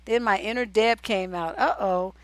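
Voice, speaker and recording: A woman's voice: medium pitch, moderate pace, no room sound. A woman hosting a relationship advice livestream, reading viewer letters aloud and cutting in with blunt, casual, profane remarks.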